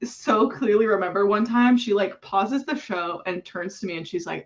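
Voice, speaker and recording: A young woman with a mid-pitched voice talks casually and keeps saying "like". Her audio comes through dull and muffled, as if over a call. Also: normal speed. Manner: chatty, heavy use of "like". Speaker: friend in the chat. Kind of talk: casual chat.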